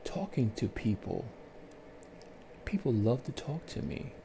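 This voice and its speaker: A man calmly telling his life story on his own channel, in a soothing, unhurried way with pauses. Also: mid-range voice, creaky, background noise. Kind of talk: slow reflective storytelling.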